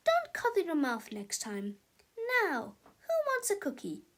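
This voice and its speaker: A sugary schoolteacher lady coos in a very high, thin voice, as a woman reading aloud puts her on. She sounds syrupy, coaxing and a bit distant. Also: huge pitch swings, measured pace, a bit bright, heavily acted. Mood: sweet. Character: sweet fussy woman schoolteacher. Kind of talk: storybook read-aloud.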